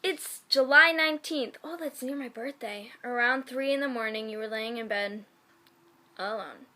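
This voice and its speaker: A fairly high-voiced woman reads fan stories aloud in a casual way. She is sick with a sore throat. She often stumbles over her words and breaks off to react with gasps and sighs. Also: fairly even intonation, moderate pace, pushed and bright. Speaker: YouTuber reading fan fiction.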